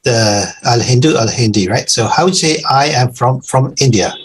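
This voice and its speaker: A man in a video-call class with a very raspy voice. He keeps prompting and encouraging his classmates with questions. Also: medium pitch, normal speed. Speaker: student. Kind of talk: online class discussion.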